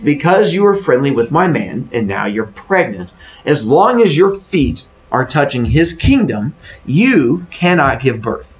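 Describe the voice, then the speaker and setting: A man's voice: mid-range voice, big pitch swings, a little slow. A man voicing a jealous queen goddess, scolding in his own voice. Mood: indignant. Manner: indignant scolding. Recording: roomy, distant mic.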